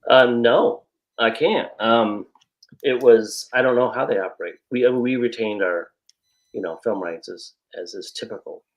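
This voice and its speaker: A man's voice: mid-range voice, moderate pace. A man talking as a guest author in casual chat, thinking aloud with frequent restarts.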